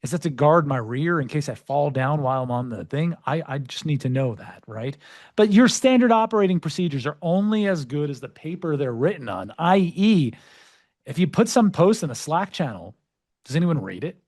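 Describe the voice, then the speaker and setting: A man hosting a podcast and presenting with an energetic, joking delivery, full of playful, self-mocking asides. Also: fairly high pitch, normal speed, no echo, clean studio sound. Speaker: podcast host.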